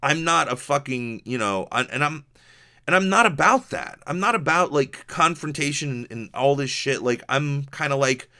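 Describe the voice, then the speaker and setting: A man's voice: medium pitch, lively intonation, a little slow, bright, forceful tone. A young man from Hawaii hosting a podcast, telling a story in a rambling, profane casual monologue full of restarts and fillers. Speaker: podcast host.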